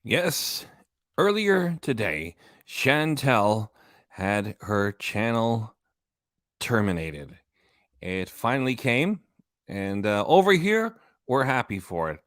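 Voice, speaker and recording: A man's voice: mid-range voice, very animated, slow, fairly bright tone, dry recording, studio quality. A man hosting a livestream, rambling with many fillers and restarts as he greets commenters. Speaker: livestream host.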